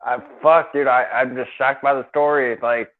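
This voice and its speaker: A man co-hosting a casual podcast, reacting loudly and profanely with shock. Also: medium pitch, fairly even intonation, moderate pace. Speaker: co-host. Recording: tinny phone-like line.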